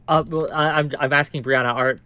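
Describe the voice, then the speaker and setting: A man moderating an online debate, who speaks hesitantly and tries to calm both sides. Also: a little high, fairly quick, clear, resonant tone, dry recording. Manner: hesitant, many fillers and restarts, conciliatory.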